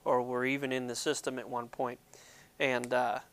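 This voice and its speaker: A man's voice: mid-range voice, flat delivery, moderate pace, a bit bright, smooth. A man hosting a casual devotional talk to viewers, jokey and rambling, poking fun at himself. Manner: jokey, rambling, self-deprecating. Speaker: ministry video host. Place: Pennsylvania.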